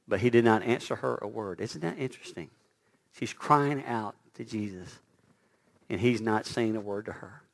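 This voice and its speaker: A man's voice: medium pitch, normal speed. A male preacher delivering a sermon with a lot of movement in his delivery, pushing hard on emphatic lines and then dropping almost to a whisper. He sometimes trips over his own words, repeating them as he builds momentum. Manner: dynamic, swinging from loud emphasis to near-whispered quotes; stumbles and repeats words when excited.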